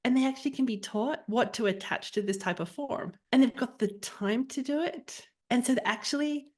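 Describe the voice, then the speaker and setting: A woman physician hosting a casual podcast conversation, telling animated stories and acting out her own thoughts with sarcastic asides. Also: a little high, normal speed. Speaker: podcast host, family physician.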